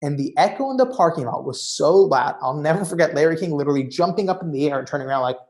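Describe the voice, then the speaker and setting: Man telling an animated story. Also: fairly high pitch, fast talker. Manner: animated storyteller, often says "you know". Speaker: conference keynote speaker. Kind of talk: storytelling talk.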